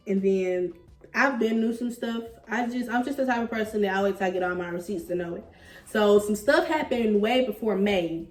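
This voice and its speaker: A young woman in her twenties casually telling a story, animated and slangy, laughing as she goes. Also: mid-range voice, echoey room, recorded from a distance. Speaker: vlogger telling a couple's story.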